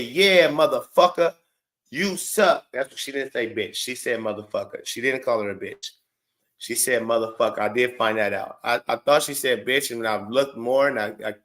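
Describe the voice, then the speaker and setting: A reaction-show host with a medium-pitched, slightly bright voice talks back at a video clip. His heated commentary is a blunt, mocking, profane rant.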